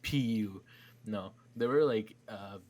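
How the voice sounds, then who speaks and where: A young man, a podcast guest, telling childhood stories in casual chat and mimicking his younger self. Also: slow. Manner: animated storyteller, mimics his child self in a high whiny voice.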